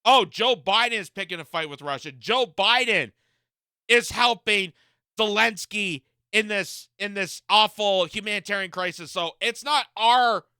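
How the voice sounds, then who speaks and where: A man's voice: sits high, measured pace, pushed and bright, smooth, dry recording. A man hosting a political reaction commentary, mocking and incredulous, often laughing at what he reacts to.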